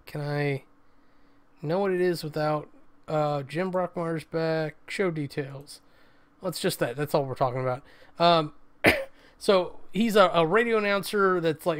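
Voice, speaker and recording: A man's voice: fairly high pitch, clean tone. A man hosting a web show, chatting casually about what he has watched, rambling with lots of fillers and some swearing. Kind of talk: casual review chat.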